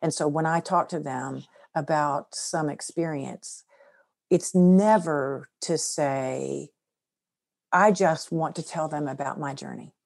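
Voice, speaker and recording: Low-voiced middle-aged woman telling a story. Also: slow, gravelly, a little mellow. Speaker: guest. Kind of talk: personal storytelling in conversation.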